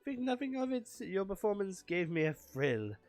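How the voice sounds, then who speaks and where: Brief: man doing a pompous game noble patron, fawning and lofty, pitched well above his own voice. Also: sing-song, normal speed, darkish tone, soft background music. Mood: flattering.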